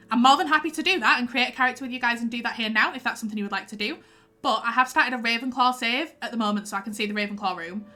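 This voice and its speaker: A young woman chatting casually with her stream viewers, rambling and excitable. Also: fairly high pitch. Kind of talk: casual livestream chat.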